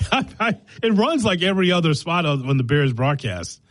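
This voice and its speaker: A man's voice: on the high side, very animated, normal speed, dry recording. A man hosting a sports talk show in a casual, playful, teasing way, laughing often. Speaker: sports radio host.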